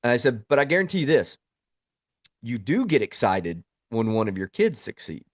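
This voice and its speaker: Man, blunt plainspoken talk, mid-pitched voice, dry close sound. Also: very animated, moderate pace, dry recording. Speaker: podcast host, Army veteran. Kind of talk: reflective monologue.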